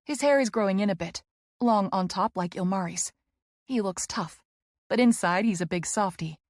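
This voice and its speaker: A woman's voice: medium pitch, normal speed, no echo, studio quality. Woman narrating an emotional audiobook. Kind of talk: first-person audiobook narration.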